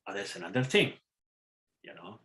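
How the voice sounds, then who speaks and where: A man's voice: fairly low pitch, very animated, rough recording. Man with a non-native English accent. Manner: halting, with fillers and self-corrections; frank and emphatic, with sudden loud stresses. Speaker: spiritual teacher. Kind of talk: live class lecture. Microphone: video call.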